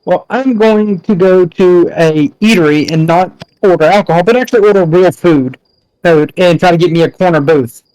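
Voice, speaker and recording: Higher-voiced male tabletop player. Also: moderate pace, darkish tone, no room sound, rough recording. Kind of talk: in-character tabletop play, casual.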